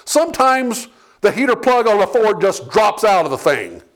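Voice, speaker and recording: Man preaching, pastor, high-pitched voice, conversational sermon, keeps checking in with okay and amen, gets fired up. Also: very animated, moderate pace.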